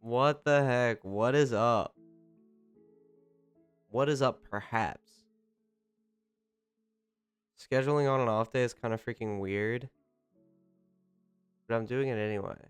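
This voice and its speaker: A man's voice: medium pitch, unhurried, pauses often, clean tone, dry recording, faint music behind. Casual man greeting his stream chat. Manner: greets chat members by name, bursts of loud excited thanks. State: recovering from a cold.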